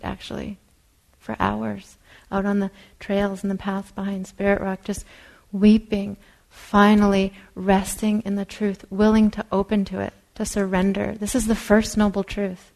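A woman meditation teacher giving a dharma talk in a soft, unhurried way, sometimes dropping to a whisper. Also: mid-range voice, completely flat delivery, poor audio. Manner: soft-spoken, drops to a whisper at times.

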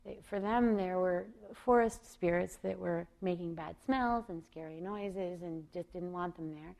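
A woman meditation teacher giving a gentle, reflective talk on loving-kindness practice, thinking aloud as she explains. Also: lowish voice, measured pace, vocal fry.

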